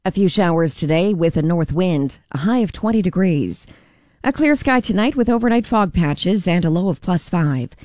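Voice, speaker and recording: A woman presenting a radio weather forecast with an even, clear delivery. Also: fairly low pitch, normal speed, no echo, studio quality.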